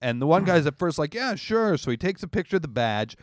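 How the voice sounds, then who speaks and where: A man's voice: fairly high pitch, fast, dry recording, studio quality. A man telling a story in casual chat, acting out the people he quotes and laughing often. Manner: animated, acts out quoted voices, laughs often.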